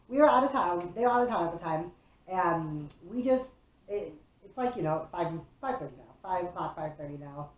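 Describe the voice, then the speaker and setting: A young woman from Chicago vlogging a casual, profane, animated storytime. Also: fairly low pitch. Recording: roomy echo.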